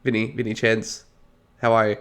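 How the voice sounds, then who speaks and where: An Australian man in his thirties hosts a relaxed podcast chat. He talks in a lively, laughing, self-mocking way while groggy from hay fever tablets. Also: fairly low pitch, normal speed, clear, resonant tone. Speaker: podcast host. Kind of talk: casual chat.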